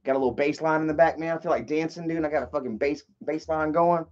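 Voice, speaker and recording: A man's voice: on the high side, steady tone, quick pace, darkish tone. A young man hosting a casual livestream, rambling and swearing as he greets viewers and chats. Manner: rambling, profane, laid-back. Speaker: livestream host. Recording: dull lo-fi stream audio.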